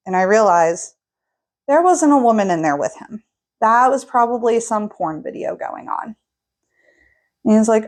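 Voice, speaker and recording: A young woman casually telling a personal story, getting animated as she recounts an argument. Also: a little high, unhurried, pauses often.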